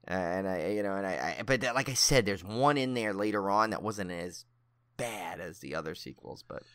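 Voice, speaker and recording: Rambling lowish-voiced man on a podcast. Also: lively intonation, moderate pace, fairly bright tone, clear, resonant tone, no echo. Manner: rambling, with lots of likes and restarts. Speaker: podcast co-host. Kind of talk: casual chat.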